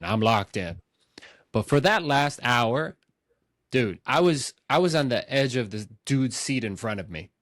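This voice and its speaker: A man hosting a casual movie podcast, telling stories in an excitable, animated way. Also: mid-range voice, a little slow, dry recording, studio quality. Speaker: podcast host.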